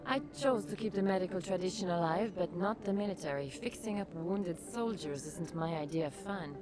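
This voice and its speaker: Actress as a young doctor in a sci-fi game, lower voice, earnest, music bed under her. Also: a little fast, lightly acted. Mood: grateful. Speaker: game character. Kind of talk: game dialogue. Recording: game audio over music.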